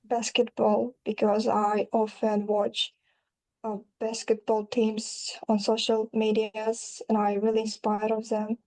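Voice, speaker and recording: A woman who is not a native English speaker, answering test questions over a video call in hesitant, halting English. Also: on the high side, completely flat delivery, darkish tone, rough recording. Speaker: IELTS candidate.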